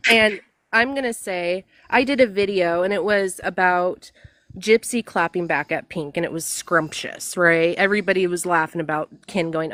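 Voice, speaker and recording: A woman's voice: mid-range voice, lively intonation, measured pace, fairly bright tone, no echo. A woman telling a story on a live stream, acting out quoted texts in a casual, gossipy way. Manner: retells texts in quoted voices, laughs as she goes.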